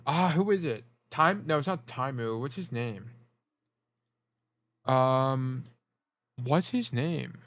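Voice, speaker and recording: A man's voice: mid-range voice, lively intonation, takes it slowly, pauses often, fairly bright tone. A man coaching players over a casual livestream, rambling, joking and swearing as he talks. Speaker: game coach.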